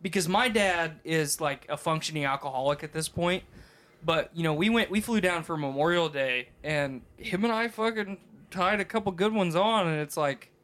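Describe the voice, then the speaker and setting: Male podcast co-host, higher-pitched, rambly and profane. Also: normal speed, a bit bright. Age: adult, has a wife. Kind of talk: casual chat.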